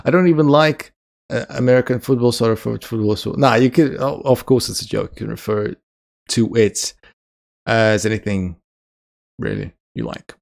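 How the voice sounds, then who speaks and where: A man's voice: medium pitch, big pitch swings, normal speed, creaky. A man casually chatting on a live stream, reading viewer comments aloud, joking and laughing often. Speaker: chess streamer.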